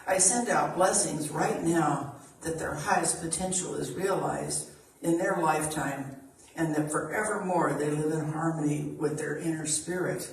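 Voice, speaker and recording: A woman giving a spiritual reading, calm and earnest as she reads aloud. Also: low voice, normal speed, creaky, slight background noise. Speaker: reader. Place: church hall. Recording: echoey hall from far off.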